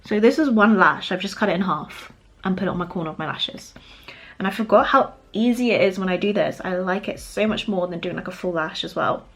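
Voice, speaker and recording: A woman's voice: fairly low pitch, a little fast. Chatty British woman doing makeup. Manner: chatty, laughs often, talks while applying makeup. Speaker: beauty vlogger. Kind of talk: get-ready-with-me makeup chat.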